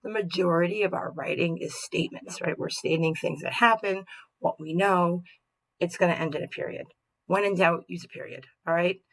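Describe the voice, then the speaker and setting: A woman's voice: on the low side, steady tone, moderate pace, poor audio. A woman teacher giving a recorded grammar lesson, upbeat and checking in with "right?" as she goes. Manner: upbeat, tags statements with "right?"; acts out example sentences expressively.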